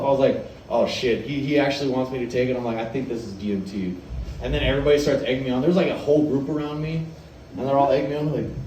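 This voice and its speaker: A man's voice: medium pitch, quick pace, mellow, a little hiss or hum. Young male comic, rambling and profane, laughs through the bit, mic far off in an echoey room. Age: 20s. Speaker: stand-up comedian. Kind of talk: stand-up storytelling.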